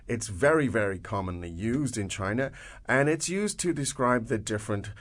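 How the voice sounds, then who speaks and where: A man's voice: mid-range voice, lively intonation, normal speed. A man hosting a language podcast lesson, translating phrases and explaining words with frequent restarts and fillers. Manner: restarts and "uh" fillers, upbeat encouragement. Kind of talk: teaching English speakers.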